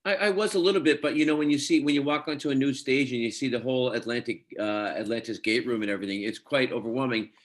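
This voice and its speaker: A man's voice: mid-range voice, fast talker, hardly any pauses. A middle-aged man from Scotland, an actor telling stories in a casual interview and acting out quoted dialogue. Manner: animated storyteller, quotes others in dialogue. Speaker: actor guest.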